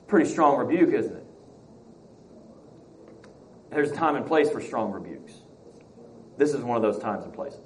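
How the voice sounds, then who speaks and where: A man's voice: mid-range voice, very animated, normal speed, long pauses, a little mellow, poor audio. A man teaching a Bible study class, reading passages aloud and asking the class questions. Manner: reads scripture aloud, acts out quotes, asks the class questions.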